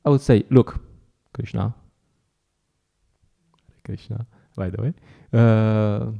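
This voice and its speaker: A man's voice: lowish voice, steady tone, slow, vocal fry, pauses often, mellow. A man giving an informal, chatty talk at a temple class, laughing often and acting out encounters with people on the street.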